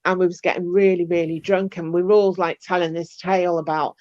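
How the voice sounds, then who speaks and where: A woman telling a lively anecdote in a casual chat, acting out the people in it. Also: lowish voice, fairly quick. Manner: chatty, animated anecdote with acted-out quotes. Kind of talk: casual storytelling. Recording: dull lo-fi stream audio.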